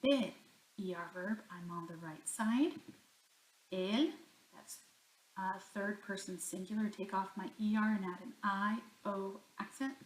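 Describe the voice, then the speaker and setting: A woman with a medium-pitched voice teaches a Spanish grammar lesson at an unhurried pace. She talks herself through each example and answers her own questions. The room is echoey.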